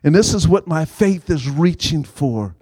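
A man preaching an energetic sermon, rousing the congregation with call-and-response and dropping into soft, playful asides. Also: a little high, measured pace, slightly rough, dry recording. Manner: exuberant, rousing, playful, switches to soft intimate tone.

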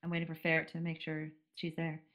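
A woman's voice: low voice, monotone, fast, fairly bright tone. A woman co-hosting a podcast who is sick, chatting in an offhand, wry way. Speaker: podcast co-host. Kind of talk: casual podcast chat.

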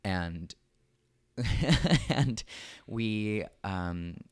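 Very deep-voiced man, animated storyteller. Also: extremely slow, smooth, no room sound. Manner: animated storyteller who acts out quotes, swears, drops Spanish words. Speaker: podcast co-host. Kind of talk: casual storytelling chat.

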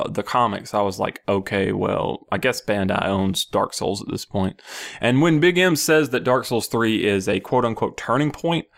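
A man with a fairly low voice hosts a casual gaming news podcast. He talks loosely and swears freely. He keeps slipping into giggles between stories. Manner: giggly, laughing often, loose and profane. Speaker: podcast host.

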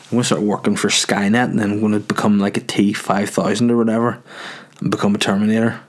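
A man's voice: on the low side, flat delivery, fast talker. A man in his thirties, a stand-up comedian, chatting casually while answering viewer questions, swearing freely and ranting with self-mocking humor. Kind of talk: casual chat.

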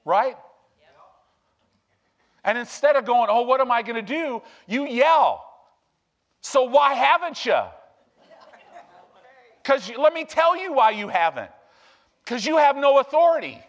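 A male preacher giving an emphatic, animated sermon that swings from hushed to loud. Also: very high voice, slow, pauses often.

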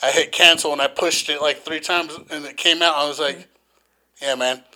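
A man's voice: fairly high pitch, brisk. A man co-hosting a podcast, telling a story in casual, profane talk and acting out the voices. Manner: profane, animated, acts out voices. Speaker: podcast co-host.

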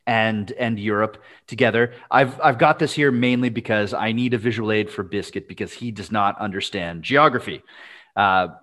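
A man's voice: lowish voice, normal speed, a bit bright. A man hosting a casual podcast over a video call, rambling with fillers and restarts. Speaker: podcast host.

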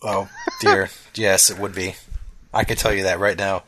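Lower-voiced man chiming in. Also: level tone, normal speed, bright, forceful tone, no echo. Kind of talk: casual gaming chat.

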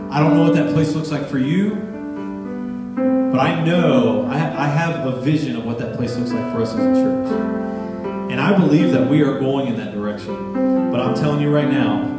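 A man preaching a sermon as pastor, talking plainly with humor and building emphasis. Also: medium pitch. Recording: echoey church hall from far off, with guitar.

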